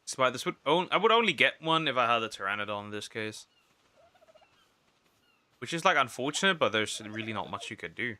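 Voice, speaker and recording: Bright-voiced young man streaming a game. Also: mid-range voice, sing-song, fairly quick, pauses often. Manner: rambling, talks to himself while playing. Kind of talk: casual gameplay commentary.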